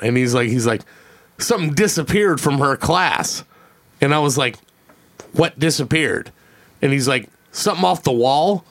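A man's voice: fairly high pitch, animated, moderate pace, fairly bright tone. A man co-hosting a podcast in a studio, telling a profane story and acting out the quotes in it. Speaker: podcast co-host. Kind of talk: casual chat.

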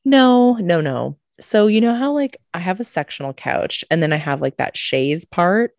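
Low-voiced woman telling a story. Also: moderate pace, gravelly, dry recording, studio quality. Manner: animated, swears a lot, acts out quotes. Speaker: podcast co-host. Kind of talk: casual storytelling chat.

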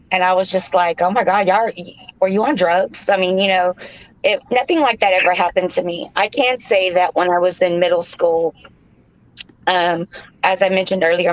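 A woman's voice: lowish voice, no room sound. Chatty woman, muffled dry sound. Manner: chatty, laughs a lot, stammers and restarts. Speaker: podcast co-host, paranormal investigator. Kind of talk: casual podcast chat and storytelling.

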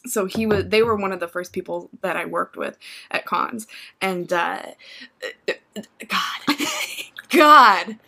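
A woman's voice: medium pitch, moderate pace, creaky, pushed and bright. A woman in casual chat, reacting with exclamations and laughter and sharing her own stories.

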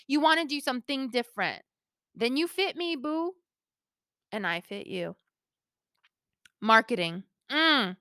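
A woman's voice: a little high, bright, forceful tone, dry recording, clean studio sound. A woman hosting a motivational solo talk, chatty and playful, laughing often and speaking straight to her listeners.

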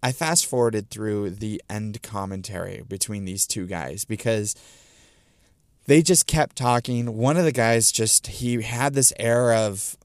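A middle-aged man talks through a casual solo podcast, rambling and restarting his thoughts with plenty of ums. His voice sits low and smooth, and the sound is dry and close with no room around it. He keeps clearing his throat and hiccuping along the way. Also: a little slow, dry recording. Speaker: podcast host.

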